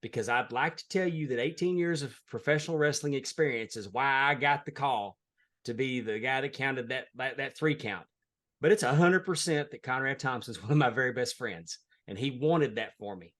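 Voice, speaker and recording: A man's voice: mid-range voice, normal speed, a bit bright. A man, a wrestling referee, telling a heartfelt story in a casual interview. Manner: earnest, heartfelt, plain-spoken.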